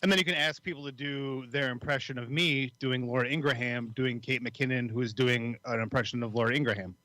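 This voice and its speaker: A man co-hosting a comedy podcast, trading quick, deadpan quips. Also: mid-range voice, no echo. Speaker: podcast co-host. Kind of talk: casual comedy podcast banter.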